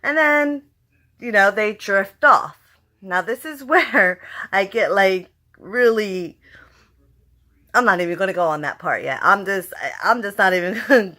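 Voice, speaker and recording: A woman giving a casual, rambling episode review in a vlog, talking excitedly and swearing freely. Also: medium pitch. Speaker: TV show reviewer.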